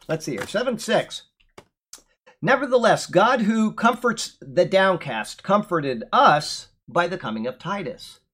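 A man teaching verse by verse through a letter of scripture. He reads the verses with emphasis, then drifts into relaxed, musing asides. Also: medium pitch. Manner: earnest, emphatic when quoting scripture, loose asides. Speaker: Bible teacher. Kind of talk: verse-by-verse Bible commentary.

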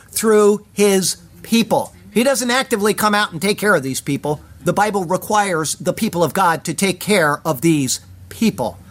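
A Bible teacher works through scripture verse by verse in a measured, deliberate sermon voice. Hebrew words are pronounced carefully along the way, and now and then the teacher turns to the listeners with a direct question. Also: medium pitch.

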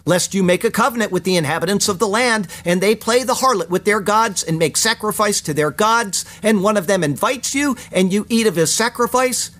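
A man reading a scripted sermon. He quotes scripture at length and slows down to sound out Hebrew words. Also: high voice, fairly bright tone. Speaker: pastor.

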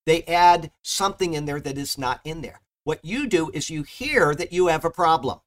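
A man's voice: a little high, animated, moderate pace. A male pastor teaching a Bible study verse by verse, emphatic, stressing key points and checking in with the class. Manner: emphatic, repeats "okay?" to the class, rises sharply on key points.

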